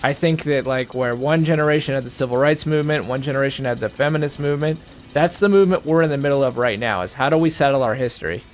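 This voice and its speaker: A man's voice: medium pitch, fast, slight background noise. Rambling, swearing man chatting over a game. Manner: rambling, earnest, swears freely. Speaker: let's play co-host. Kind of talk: casual chat while gaming.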